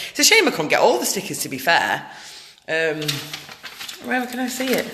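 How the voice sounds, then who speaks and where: A woman ranting in a casual vlog, loud, blunt and indignant. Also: mid-range voice, huge pitch swings, normal speed, long pauses, slight background noise. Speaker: vlogger, animal rights activist. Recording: echoey room with long reverb.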